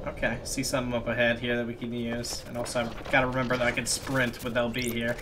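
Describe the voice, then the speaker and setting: A man's voice: mid-range voice, monotone, fast, noisy background. A man casually commenting on a game he is playing, rambling and laughing as he explores. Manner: chatty, giggly, rambling. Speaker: let's play host.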